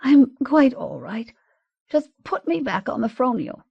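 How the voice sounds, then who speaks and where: A woman's voice: a little high, very animated, measured pace, creaky, slightly rough, no room sound, muffled recording, voice pushed up, exaggerated voice. A woman voicing a frail, exhausted princess who speaks weakly but bravely. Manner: weak, brave.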